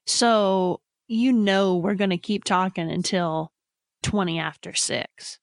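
A woman's voice: medium pitch, slow, gravelly, no echo, studio quality. A woman guest-hosting a podcast, playful and laughing through casual banter. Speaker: guest co-host. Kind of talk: casual chat.

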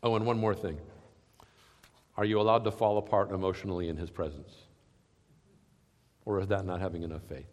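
A man pastor giving a sermon, earnest and questioning, often sinking to soft, low passages. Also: fairly even intonation, brisk, long pauses. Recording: long hall reverb.

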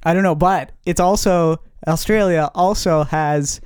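A man co-hosting a casual podcast, going off on animated, rambling tangents. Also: on the high side, measured pace, smooth, no echo, clean studio sound. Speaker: podcast co-host. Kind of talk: casual chat.

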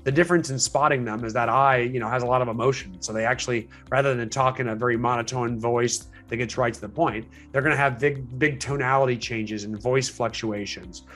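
A man's voice: mid-range voice, steady tone, brisk, few pauses, a bit bright, soft background music. Man coaching agents, conversational, restarting. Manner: conversational, explanatory, frequent restarts and fillers. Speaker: real estate sales coach. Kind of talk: teaching a training session.

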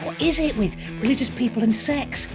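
A woman's voice: a little high, brisk, a little mellow. Sarcastic female radio commentator. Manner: sarcastic and mocking. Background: music bed.

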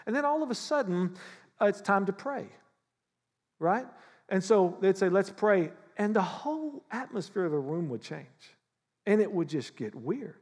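Male pastor, animated conversational sermon, high voice, reverberant hall. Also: normal speed, slightly rough. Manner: animated, acts out prayers in mock voices.

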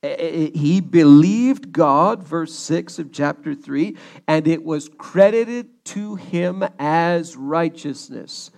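Male pastor, sermon delivery, measured and unhurried, gravelly edge, playful asides. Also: a little high. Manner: animated, joking preacher who acts out quotes. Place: church, streamed online.

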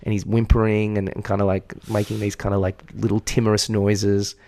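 Low-voiced Australian man telling a rambling story. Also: completely flat delivery, fairly quick, a little mellow. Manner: rambling, self-mocking, swears freely. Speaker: podcast co-host and part-time teacher. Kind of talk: casual storytelling chat.

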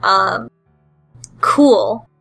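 A woman hosts a relaxed podcast conversation, walking through a game with plenty of hesitations and filler words. Her voice is bright and forward, and her asides are cheeky and irreverent. Soft music sits faintly underneath. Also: mid-range voice, drawn-out words, vocal fry, husky, low-quality recording. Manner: rambling, hesitant, with frequent ums and laughs. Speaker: podcast host recapping a game. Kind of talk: casual chat.

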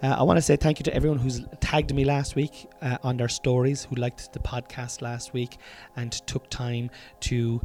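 Rambling, sweary Irish podcast host. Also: male voice, medium pitch, a little mellow. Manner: rambling, self-interrupting, sweary and chatty. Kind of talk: casual solo podcast monologue. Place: room at home.

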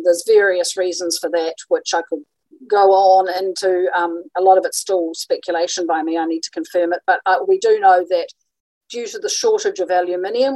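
Woman, history talk presenter, conversational with ums, slightly low voice, dry sound. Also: darkish tone, dry recording, rough recording. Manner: conversational, with frequent ums and restarts. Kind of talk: informal illustrated talk.

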